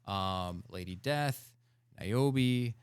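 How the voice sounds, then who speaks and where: A man talking as a podcast guest in casual chat, animated and full of fillers and laughs, close to the mic. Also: fairly low pitch, drawn-out words, smooth, no room sound.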